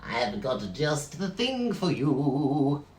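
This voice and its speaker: A man voicing a grumpy male pet shop owner skeleton in a storybook, talking slowly and gruffly. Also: a little high, sing-song, reverberant, a little hiss or hum, pitched above the performer's own voice, full character voice.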